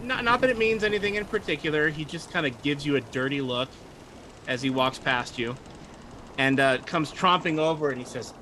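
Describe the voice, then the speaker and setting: Man, game master, narrating a tabletop game, bright tone, slightly high pitch. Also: a little hiss or hum.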